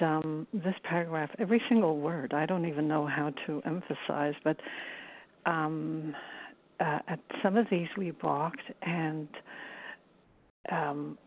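Slow, low-voiced woman on a phone line. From Brooklyn, New York. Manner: earnest, halting, searching for words. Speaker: meeting participant sharing. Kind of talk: personal share at a phone recovery meeting.

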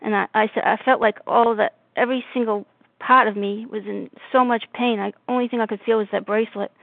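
A woman from north of Boston shares her story over a video call, stopping and restarting with plenty of fillers. Her voice has a gravelly edge. The audio is thin and phone-like, with no room sound. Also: fairly high pitch, fairly even intonation, no echo. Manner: halting, frequent fillers and restarts. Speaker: meeting member sharing. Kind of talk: personal recovery share.

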